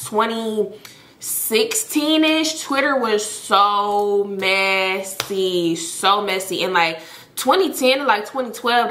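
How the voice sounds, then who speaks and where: A young woman telling a story to her viewers in a chatty, animated way, full of filler words. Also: mid-range voice. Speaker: storytime vlogger. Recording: echoey room.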